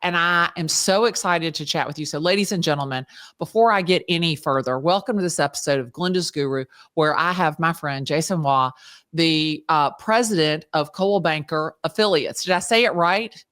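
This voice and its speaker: A woman with a Southern US accent hosts a casual interview, chatty and excitable as she tells a story. Her talk runs lively and animated, with plenty of fillers and restarts. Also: sits low, moderate pace. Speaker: podcast host.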